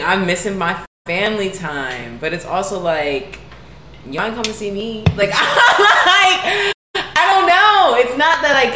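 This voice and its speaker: A young woman with a low voice talks casually and candidly on a podcast, her speech full of "like" fillers. The room is echoey, with a faint hiss of noise behind her. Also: a bit bright. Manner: chatty, candid, lots of "like" fillers. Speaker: podcast co-host. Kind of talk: casual chat.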